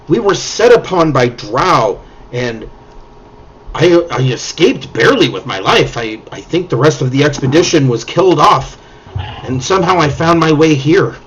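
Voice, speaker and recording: A scattered, stammering woman mage who keeps trailing off, put on by a man. Her voice is a little husky and lively in pitch. The recording sounds dull and lo-fi. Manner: hesitant, stammering, distracted. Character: slight reclusive female mage, flustered and scattered.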